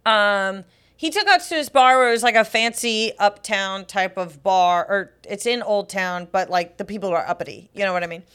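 A woman's voice: medium pitch, moderate pace, clean tone. A woman comedian telling a funny story in casual chat, laughing and acting out what people said. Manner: animated, laughing, acts out quotes. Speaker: comedian and podcast co-host.

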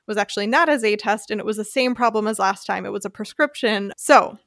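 An American woman hosting a podcast, telling a personal story in a casual, animated way and acting out the voices she quotes. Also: mid-range voice, fast talker, no echo, studio quality. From United States. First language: English. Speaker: podcast host.

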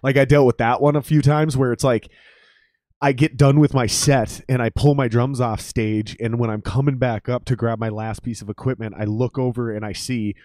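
A man, a drummer who hosts a podcast, telling stories in a casual, profane and animated way and acting out the people he quotes. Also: mid-range voice, moderate pace, no room sound, clean studio sound.

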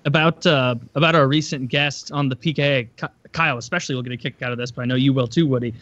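A man's voice: mid-range voice, fairly even intonation, quick pace, a bit bright, dry recording, dull audio. A man co-hosting a podcast in casual chat, telling loose stories with crude jokes. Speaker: podcast co-host.

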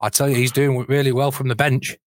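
A man's voice: medium pitch, little pitch movement, brisk, no echo. A man from England co-hosting a casual football podcast over a video call, wry and joking, often stumbling over words. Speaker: podcast co-host.

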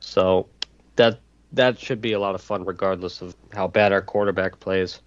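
A man's voice: sits low, steady tone, normal speed, lo-fi sound. A man co-hosting a sports podcast, laid-back and casually swearing. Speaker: podcast co-host.

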